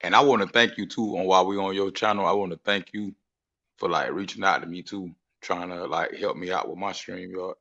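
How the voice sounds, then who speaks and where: A man talking as a guest on a casual livestream, animated and laughing often, with "you know what I'm saying" tags. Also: low-pitched, a little fast. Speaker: guest content creator. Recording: muffled stream audio.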